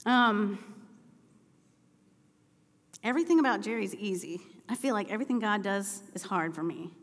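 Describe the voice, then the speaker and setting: A woman's voice: medium pitch, animated, moderate pace. Woman preaching in an echoing hall. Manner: storytelling, rising to impassioned shouting. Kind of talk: sermon. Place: church sanctuary.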